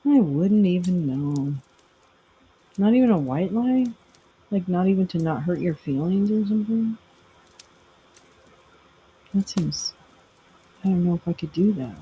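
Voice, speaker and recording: A woman's voice: fairly low pitch, lively intonation, normal speed, pauses often, husky, muffled recording. A middle-aged woman hosting a casual livestream, rambling and self-deprecating as she chats with viewers. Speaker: livestream host.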